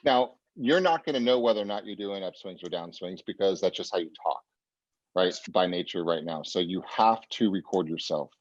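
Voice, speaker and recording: A man's voice: low-pitched, animated, moderate pace, no echo, lo-fi sound. A man leading a sales training session for real estate agents, talking emphatically and motivationally. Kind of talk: coaching talk.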